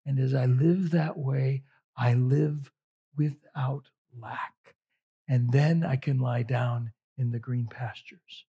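A middle-aged man preaching a sermon, slow and reflective with long pauses. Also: medium pitch, steady tone, dark tone, husky. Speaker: pastor.

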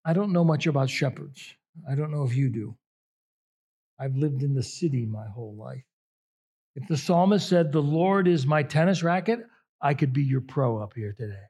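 A man's voice: mid-range voice, animated, normal speed, darkish tone, husky. A man preaching a sermon as a pastor, conversational and emphatic, drawing out key phrases.

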